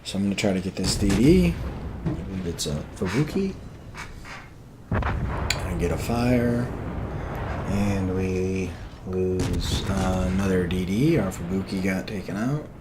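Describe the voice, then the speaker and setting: Deep-voiced man commentating a game replay. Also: measured pace, background noise. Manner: relaxed, hesitant, many fillers. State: tired, yawning. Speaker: gameplay commentator.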